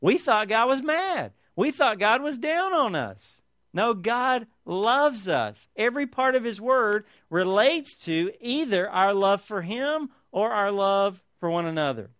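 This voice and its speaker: High-voiced preacher man, dry sound. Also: sing-song, unhurried, a bit bright, no room sound. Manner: preaching with rhetorical tag questions; reads scripture aloud with emphasis. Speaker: pastor. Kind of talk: sermon.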